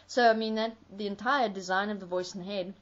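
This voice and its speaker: A woman's voice: medium pitch, steady tone, fairly quick. A woman giving a spoken commentary in an earnest, explanatory way, often building her points as lists. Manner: earnest, explanatory, with listing rhythms. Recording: dull lo-fi recording.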